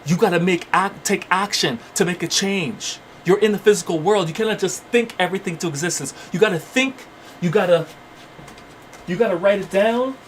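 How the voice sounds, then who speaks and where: A man's voice: sits high, fairly quick, a little hiss or hum. A man hosting his channel, delivering fiery, repetitive spiritual motivational preaching. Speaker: channel host.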